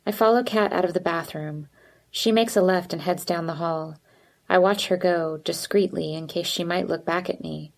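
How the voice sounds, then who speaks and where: A woman reading a first-person audiobook in an even, measured way. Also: lowish voice, gravelly. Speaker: audiobook narrator.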